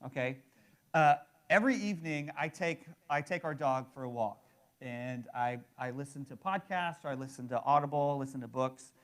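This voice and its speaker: Male pastor, 30s, slightly high pitch, casual conversational sermon delivery. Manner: conversational, repeats words and restarts, fills with "right?".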